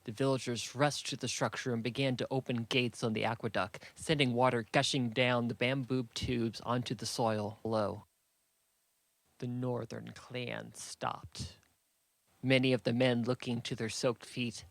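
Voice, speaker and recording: A man's voice: mid-range voice, vocal fry, dry recording. Dry-voiced male audiobook narrator. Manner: steady, measured storytelling. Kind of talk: scripted fantasy narration.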